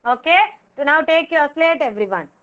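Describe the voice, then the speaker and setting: A kindergarten teacher, running an online class and patiently repeating words for the children to echo. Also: female voice, high-pitched, lively intonation, normal speed, a bit bright, muffled recording. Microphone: video call.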